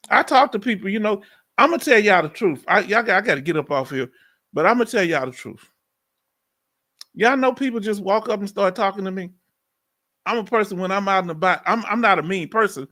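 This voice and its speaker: A middle-aged man with a strong Southern accent from Texas, loudly and folksily chatting live with his viewers as host. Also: high voice. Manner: loud and folksy, reads out viewer comments. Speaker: livestream host. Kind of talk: casual live chat with viewers.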